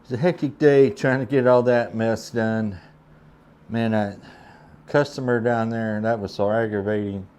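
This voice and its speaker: A man's voice: fairly low pitch, steady tone, unhurried, a little mellow, smooth. A truck driver telling a casual vlog story from a hotel room. He talks in an easygoing, rambling way and often drops in "man".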